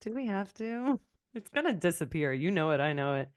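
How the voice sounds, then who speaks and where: A woman's voice: lowish voice, big pitch swings, fairly quick, dry recording. A woman co-hosting a podcast in casual gossip chat, talking bluntly and sarcastically over a video call. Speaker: podcast co-host.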